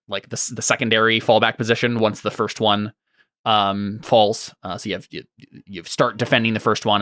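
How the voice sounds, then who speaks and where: A man's voice: on the low side, fairly bright tone, dry recording, studio quality. A man running a tabletop game as game master, narrating scenes with frequent laughter and filler words. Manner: rambling, laughs often.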